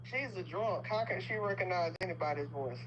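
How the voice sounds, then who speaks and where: A woman's voice: on the low side, lively intonation, fairly quick. A woman chatting casually on a livestream, telling a long story in a firm, insistent way. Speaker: livestream co-host. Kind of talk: casual chat. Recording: dull lo-fi sound with clear noise.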